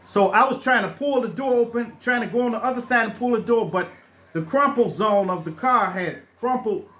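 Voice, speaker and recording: A man's voice: sits high, fairly bright tone. A middle-aged man telling true stories in a casual, rambling way, restarting his sentences and acting out the people in them. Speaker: storyteller. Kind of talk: casual spoken storytelling.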